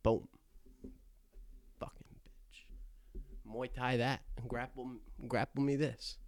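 A man's voice: mid-range voice, fairly even intonation, measured pace. A young man hosting a podcast from his attic, rambling in a self-deprecating, jokey way with frequent stammers and asides. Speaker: podcast host. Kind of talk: rambling comedic podcast monologue.

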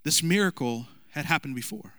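A pastor in his thirties gives a casual, joking sermon full of asides to the congregation, keeping it conversational. His voice is on the high side, animated and fairly bright, at a moderate pace with no room sound.

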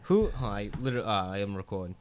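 A man's voice: on the low side, big pitch swings, racing, clear, resonant tone. A man co-hosting a podcast, telling a story in loose, laid-back banter and saying "dude" again and again. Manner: laid-back stoner talk, says "dude" a lot. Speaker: podcast co-host. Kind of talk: casual chat.

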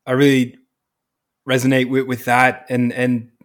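Man, mid-pitched, enthusiastic podcast host, laughs often. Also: completely flat delivery, a little slow. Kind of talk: casual podcast conversation.

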